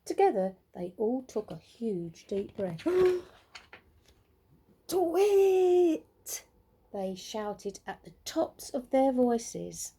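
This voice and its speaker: A teacher reads a picture book aloud to children, her mid-range voice creaky with a breathy edge. She tells the story slowly and with lots of expression.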